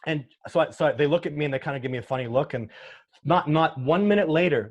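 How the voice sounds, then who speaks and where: This Canadian sasquatch researcher talks in a rapid-fire, higher-pitched voice during a relaxed interview. Earnest and emotional, he keeps breaking off and starting over as his stories unfold.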